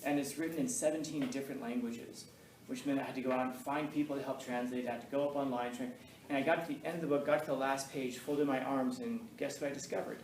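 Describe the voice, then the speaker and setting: A man's voice: mid-range voice, steady tone, fast, a little mellow, slight background noise. A man teaching a class, telling rambling, self-deprecating stories and laughing often. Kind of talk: classroom talk to students. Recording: echoey room, mic far off.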